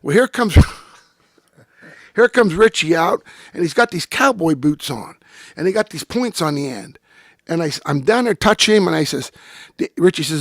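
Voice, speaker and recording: Speaking at a measured pace in a high-pitched voice, an older man who once drove race cars recounts profane, salty racing stories as an animated interview guest in a casual chat. The studio recording is dry and close-miked.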